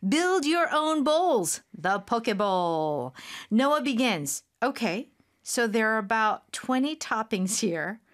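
A middle-aged woman hosting an English lesson with encouraging, chatty talk. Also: mid-range voice. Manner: encouraging, chatty, many fillers. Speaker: English teacher host. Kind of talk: casual teaching chat.

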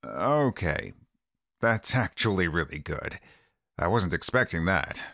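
A man's voice: low voice, sing-song, takes it slowly, gravelly, sharp tone, no echo, studio quality, full character voice. A man voicing a reluctant friend in a scripted textbook dialogue, grudging about salads. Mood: surprised.

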